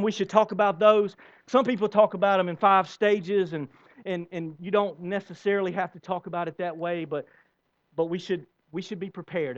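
Emphatic high-voiced man preaching. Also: muffled recording. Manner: emphatic preaching with rising bursts and repeated words. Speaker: pastor. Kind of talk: sermon.

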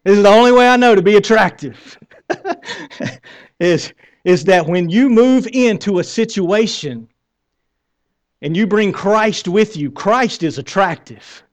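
High-voiced Southern preacher man. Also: lively intonation, takes it slowly, long pauses. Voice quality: bearded. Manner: conversational preaching with questions to the crowd, wry humor. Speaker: pastor. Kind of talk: sermon.

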